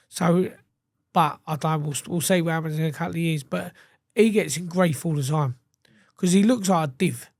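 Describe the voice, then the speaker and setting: A man's voice: on the high side, normal speed, creaky, no room sound. A man, a podcast guest telling blunt stories full of swearing and restarts. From England. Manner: blunt, swearing, animated storytelling with repeated restarts. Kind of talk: casual chat.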